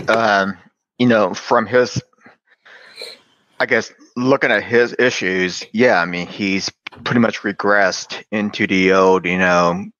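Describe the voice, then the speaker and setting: A man with a lowish, bright, forceful voice chats casually about a show. His speech leans on "I mean" and "you know." The sound is dull and lo-fi. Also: dry recording. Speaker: podcast panelist. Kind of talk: casual fan discussion.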